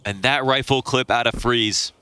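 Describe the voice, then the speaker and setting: A man giving live esports color commentary, animated and incredulous in his analysis. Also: medium pitch, moderate pace, smooth, dry recording.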